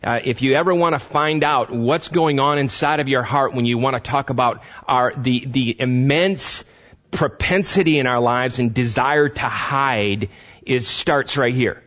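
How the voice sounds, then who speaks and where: A man's voice: medium pitch, a little slow, a bit bright, lo-fi sound. A man preaching a conversational sermon in church. He often stumbles over repeated words and throws questions to the congregation. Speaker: pastor.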